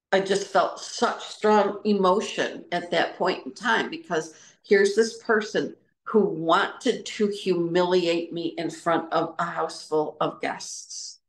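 A middle-aged woman giving an informal, reflective talk about personal experience, pausing and restarting as she searches for words. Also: mid-range voice, reverberant. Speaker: trauma recovery speaker.

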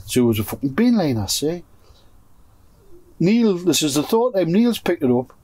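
Geordie bloke telling a story in a pigeon shed, husky voice, swears every other word. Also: male voice, fairly high pitch, big pitch swings, moderate pace, warm tone, no echo. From North East England. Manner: swears constantly, acts out other people's lines. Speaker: pigeon fancier telling stories. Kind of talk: casual storytelling among friends.

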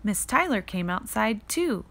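A woman reading a children's picture book aloud, taking her time over each line. Her voice is bright, and it moves a lot in pitch as she tells the story with expression. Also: vocal fry. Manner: slow, expressive read-aloud delivery. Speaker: reader.

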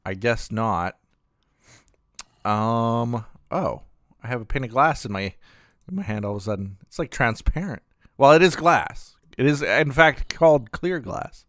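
A man's voice: medium pitch, expressive, measured pace, no echo, studio quality. A man hosting a gaming channel, thinking aloud in casual gameplay commentary with plenty of fillers and trailing thoughts.

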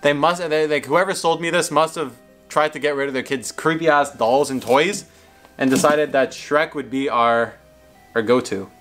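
A young adult man hosting a casual unboxing vlog, excitable, reacting loudly and swearing. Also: on the high side, normal speed, soft background music. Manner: excitable, swears and yelps when hurt. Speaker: YouTube host.

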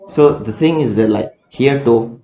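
In a mid-range, mellow voice and an unhurried pace, a research scholar with a Manipuri English accent gives a hesitant seminar answer laced with fillers and restarts. The echoey room sounds dull and lo-fi, with slight background noise.

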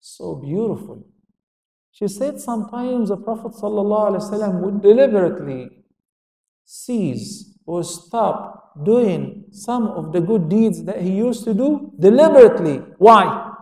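An Islamic lecturer with a high-pitched voice and dark tone speaks to an audience, answering the questions he raises himself and quoting Arabic. He's far from the microphone in an echoey hall.

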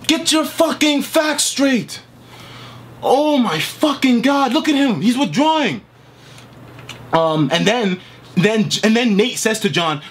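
Male streamer, high and swinging voice, profane, hot-headed reaction rant. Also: big pitch swings, a little slow, a bit bright, a little hiss or hum. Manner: heated, profane, reads messages aloud. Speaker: online streamer.

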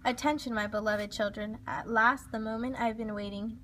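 A woman putting on a theatrical comic-book vampire lord, grandiose and commanding. Her voice stays bright over the storybook reading. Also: a little high, fairly even intonation, moderate pace, far from the mic, a little hiss or hum, natural voice.

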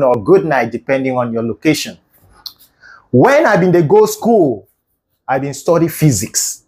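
A man with a Nigerian Pidgin accent telling a comedic story in a playful, mock-lecturing manner. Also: medium pitch. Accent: Nigerian Pidgin English. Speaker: comedic video creator.

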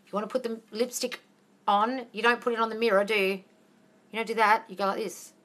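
A woman's voice: fairly high pitch, fairly even intonation, quick pace, a bit bright. Blunt, sweary Australian woman. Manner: blunt and sweary, calls everyone darling. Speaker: manifesting coach hosting a live Q&A. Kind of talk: casual live Q&A.

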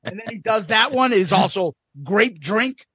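Rich: A middle-aged man co-hosting a podcast, with a high, gravelly voice full of fry. He chats casually and breaks into laughter often. He is recorded close and dry with no room sound. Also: animated, moderate pace, fairly bright tone, no echo. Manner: laughs often, acts out bits he quotes. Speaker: podcast co-host. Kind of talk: casual chat.

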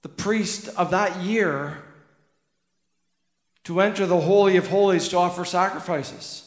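An unhurried, high male voice carries a sermon through an echoey church hall full of reverb. The pastor speaks earnestly and emphatically in the sanctuary, returning to key lines to give them weight.

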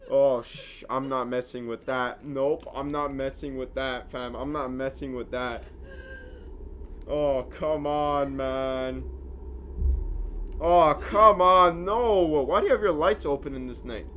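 A man's voice: mid-range voice, measured pace, a little hiss or hum. A man giving casual reaction commentary on horror shorts, jumpy and slangy, yelping and swearing when startled.

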